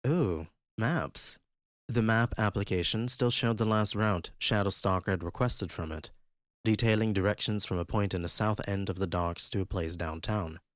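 A man narrates a fan-made audiobook with a steady, even delivery. His voice sits on the low side. The recording is dry and close, with no room sound. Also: dry recording.

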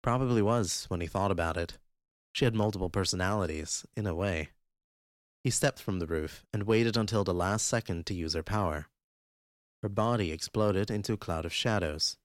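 A man narrates a fan-made audiobook with a steady, even delivery. His voice sits on the low side. The recording is dry and close, with no room sound. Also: moderate pace, no echo.

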